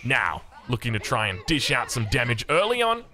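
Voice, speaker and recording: An Australian man giving energetic, jokey play-by-play commentary on a strategy game match as its caster. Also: mid-range voice, moderate pace.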